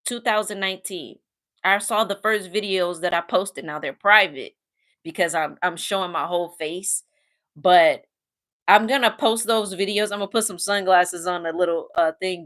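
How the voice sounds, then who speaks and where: Bright-voiced earnest woman streamer. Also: fairly low pitch. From Midwest United States. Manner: emotional, earnest, reads out viewer comments. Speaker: livestream host. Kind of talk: casual livestream chat.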